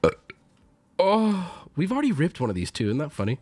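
Excitable man streaming with lively pitch. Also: a little fast. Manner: excitable, bursts into loud pitched-up outbursts, swears casually. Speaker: streamer opening card packs. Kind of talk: casual live-stream chat.

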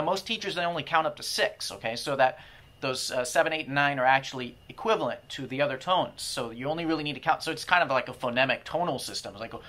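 Bright-voiced man explaining pronunciation. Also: on the high side. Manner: thinking aloud, demonstrating vowel and tone sounds. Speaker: language-learning company founder explaining pronunciation. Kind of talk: informal video lesson to camera.

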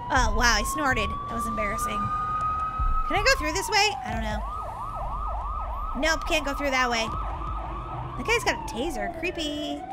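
A woman's voice: high voice, wildly swooping pitch, moderate pace, pauses often, very noisy. A woman playing a game as the villain, chatting playfully, giggling and teasing in a mock-evil way. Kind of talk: playful let's-play chatter. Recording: game music underneath.

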